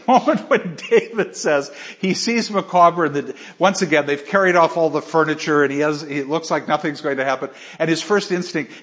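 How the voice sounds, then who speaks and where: A man giving an animated, emphatic lecture on literature, often restarting his phrases. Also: on the high side. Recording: slightly dull lo-fi recording.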